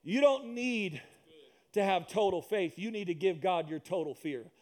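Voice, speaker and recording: A man's voice: high-pitched, expressive, moderate pace. A man preaching a sermon in church, emphatic and repetitive, with asides and jokes to the congregation. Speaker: pastor. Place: church with loudspeakers.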